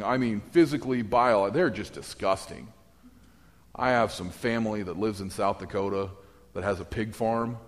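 A man preaching a sermon in a conversational, animated way, with asides and restarts. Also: lowish voice. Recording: echoey hall.

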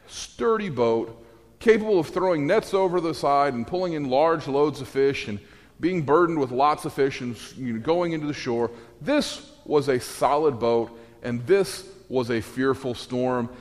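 A man preaching a sermon, telling the story in a wry, animated way with sarcastic asides. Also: medium pitch, long reverb tail.

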